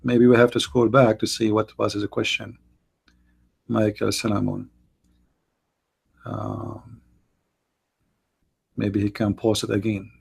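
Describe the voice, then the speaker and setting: Husky man hosting a live stream. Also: on the low side, flat delivery. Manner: halting, many fillers and restarts. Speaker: host. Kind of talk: live-stream debate talk.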